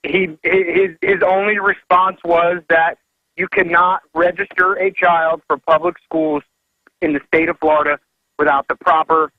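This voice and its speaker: A man calling into a radio show, speaking earnestly and haltingly. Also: fairly high pitch, little pitch movement, no echo. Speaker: caller. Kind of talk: call-in conversation. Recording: tinny dry phone line.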